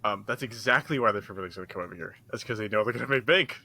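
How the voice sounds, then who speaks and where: A man's voice: on the low side, rapid-fire, pushed and bright. A young man co-hosting a football podcast, chatting casually and rambling, often repeating himself. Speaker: podcast co-host. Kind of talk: casual chat.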